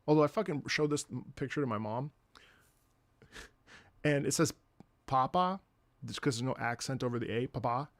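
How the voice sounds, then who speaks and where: A man's voice: mid-range voice, brisk, long pauses, dry recording. A man chatting casually on his stream, rambling, repeating words and swearing.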